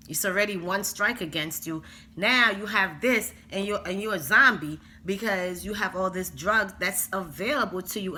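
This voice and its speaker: A woman talking to camera in a casual vlog, emphatic and animated, lecturing parents with asides. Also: mid-range voice, slight background noise. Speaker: vlogger.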